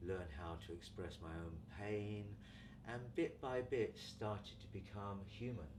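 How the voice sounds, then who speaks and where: A deep-voiced older man from England recounts his journey in a reflective, unhurried way. He sits some distance from the mic, and a clear background noise runs under his voice. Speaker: guest, community founder. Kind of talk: relaxed storytelling interview.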